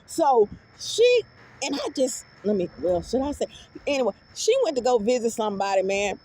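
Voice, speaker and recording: A middle-aged woman spins a casual, rambling story for her viewers in a high, lively voice that jumps all over the place. She curses freely and keeps breaking into hearty laughter. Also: moderate pace. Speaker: vlogger.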